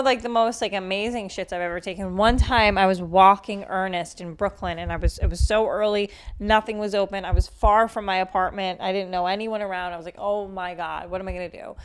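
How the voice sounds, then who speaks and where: A woman's voice: mid-range voice, fairly quick. A woman hosting a comedy podcast, telling crude, self-mocking stories in casual chat.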